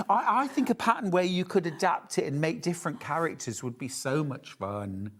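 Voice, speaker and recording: A man's voice: on the high side, lively intonation, moderate pace, fairly bright tone, slightly rough. A man in his fifties presenting a live TV shopping show, chatty and teasing as he sells. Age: 50s. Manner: jokey, teasing, upbeat selling.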